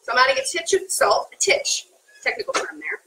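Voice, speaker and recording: Bubbly woman chef, high and lively voice, chatty live cooking host. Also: brisk, vocal fry, rough recording. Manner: chatty and bubbly, laughs often. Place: kitchen.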